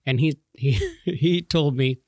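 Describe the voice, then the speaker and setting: A man's voice: medium pitch, takes it slowly, darkish tone, dry recording, clean studio sound. A man co-hosting a casual podcast chat, joking and acting out stories. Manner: joking storyteller, acts out customers in put-on voices. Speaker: podcast co-host.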